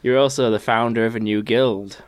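A man's voice: mid-range voice, steady tone, brisk. A man co-hosting a podcast in casual chat, with a teasing manner. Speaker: podcast co-host.

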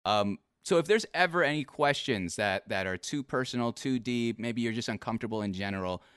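A man's voice: mid-range voice, a little fast, a bit bright, smooth, no room sound, studio quality. A young man hosting a live-streamed interview show, teasing his guest with laughs before turning earnest. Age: young adult. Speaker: podcast host. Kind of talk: casual livestream interview.

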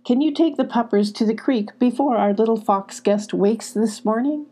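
A woman voicing Shine, a calm, soothing, motherly magical dog in a storybook. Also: on the high side, moderate pace, voice pushed up, natural voice.

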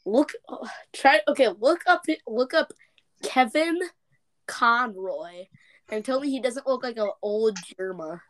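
Brief: young woman, slightly high voice, excitable casual podcast co-host. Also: unhurried. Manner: excitable, jumps between topics. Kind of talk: casual chat.

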